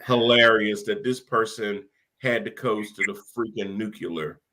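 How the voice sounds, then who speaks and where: A man's voice: on the low side, steady tone, a little slow, sharp tone, rough recording. A man in casual political chat, rambling and incredulous, often amused.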